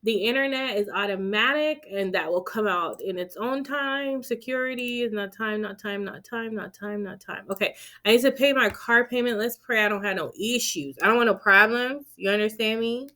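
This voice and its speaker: Chatty woman budgeting out loud. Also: on the high side, normal speed. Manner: chatty, self-talking, playful asides. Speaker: budgeting vlogger. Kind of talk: casual talk-through of budgeting.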